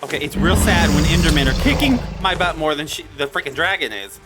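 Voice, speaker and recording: A gaming video creator giving excitable let's-play commentary, exclaiming in surprise and talking back to the monsters on screen. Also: mid-range voice, fast talker. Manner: excitable, frequent startled exclamations; talks to the game mobs. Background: background music.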